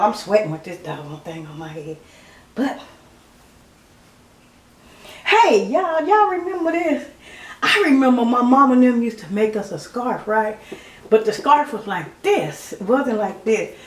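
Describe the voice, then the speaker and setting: A woman's voice: a little high, expressive, a little slow, long pauses, reverberant, slight background noise. A woman in her fifties chatting casually to her viewers, laughing often and calling them y'all. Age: 50s. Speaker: vlogger. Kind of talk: casual chat to camera.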